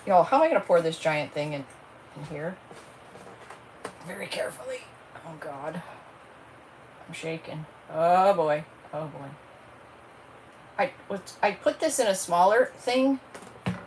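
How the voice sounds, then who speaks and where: A woman's voice: on the low side, a little mellow, a little hiss or hum, low-quality recording. Chatty woman on a crafting livestream. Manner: chatty, rambling, greets viewers by name. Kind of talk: casual livestream chat.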